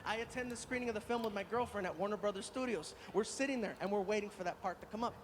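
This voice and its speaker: High-voiced man telling a stand-up story. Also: fast. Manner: animated, acts out every voice. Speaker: stand-up comedian. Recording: noisy live stand-up recording.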